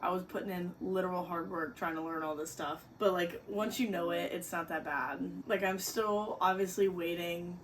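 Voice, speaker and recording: A woman's voice: fairly low pitch, moderate pace, hardly any pauses, a little hiss or hum. A young woman chatting casually in her bedroom while reading, giggly and dramatic in her reactions. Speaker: book vlogger. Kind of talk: casual reading vlog commentary. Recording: distant mic with music underneath.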